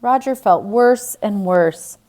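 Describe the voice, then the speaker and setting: Brief: a woman narrating a graded-reader audiobook, unhurried and clear. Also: medium pitch, darkish tone. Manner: slow, clear, deliberate reading.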